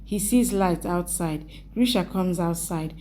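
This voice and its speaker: A woman narrating a TV drama recap in brisk, plain sentences. Her voice is dark and mellow, warm rather than bright, and she reads steadily as the narrator. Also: fairly low pitch, slight background noise. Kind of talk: reading a drama episode recap.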